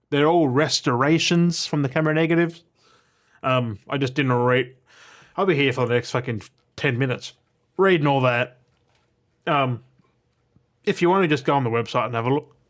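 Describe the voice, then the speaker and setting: A man talking casually to his viewers about his movie and game pickups, rambling and swearing freely. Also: medium pitch. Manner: blunt, swears casually, digresses and restarts often.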